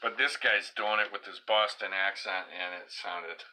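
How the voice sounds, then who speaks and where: Low, bright-voiced rambling man. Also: fairly even intonation, measured pace, low-quality recording. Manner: rambling and chatty, with frequent filler words. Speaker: livestream host. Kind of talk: casual chat reading viewer comments. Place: at home.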